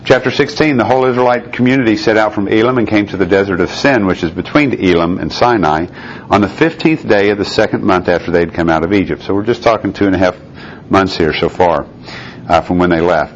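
A man's voice: deep voice, fast talker. A man teaching a Bible study, reading scripture aloud and then explaining it in a conversational way. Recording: dull lo-fi recording with faint noise.

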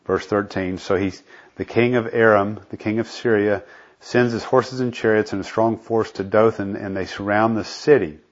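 A man's voice: lowish voice, fairly even intonation, moderate pace. A man teaching a Bible study, reading scripture aloud and explaining it in a casual, conversational way. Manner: frequent fillers and restarts, conversational. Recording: dull lo-fi recording.

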